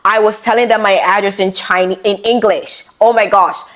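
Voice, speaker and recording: A young adult woman vlogger telling a personal story in a casual, expressive, animated way. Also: mid-range voice, moderate pace.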